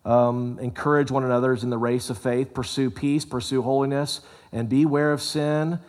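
Animated preacher man in a reverberant hall. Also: normal speed. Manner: animated, swings from loud exclamations to hushed low asides. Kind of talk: sermon.

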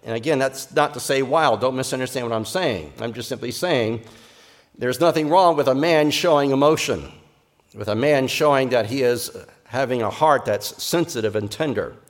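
A man preaching a sermon in an earnest, measured way, repeating key phrases for emphasis. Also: medium pitch. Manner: soft, slow closing prayer. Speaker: pastor.

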